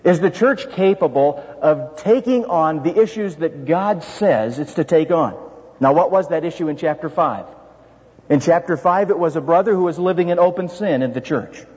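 A man with a slightly high, husky voice preaches an expository sermon, pressing his point with rhetorical questions and the odd restart. The sound is dull and lo-fi, with a long reverb trailing behind him as in a large sanctuary. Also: lively intonation, moderate pace, a little mellow. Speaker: pastor.

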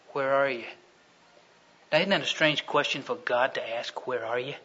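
A man preaching a sermon, retelling Bible scenes in a folksy storytelling way that swings from loud to hushed. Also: fairly high pitch, highs cut off.

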